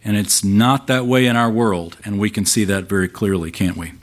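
A man's voice: lowish voice, steady tone, moderate pace. A man pastor preaching an expository sermon, emphatic and asking rhetorical questions of his listeners. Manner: emphatic, shifts volume for stress.

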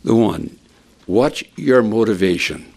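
Speaking slowly in a creaky voice, a man preaches with animation, lifting his pitch for emphasis and lowering it to a hush. Restarts often bring repeated words.

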